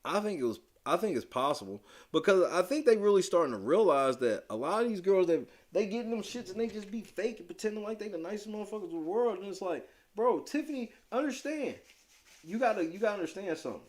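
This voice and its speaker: Talking fast and barely pausing, this expressive man co-hosts a podcast about reality TV. His commentary is crude, slang-laden, and unfiltered, dropping to a mutter one moment and erupting into emphatic rants the next.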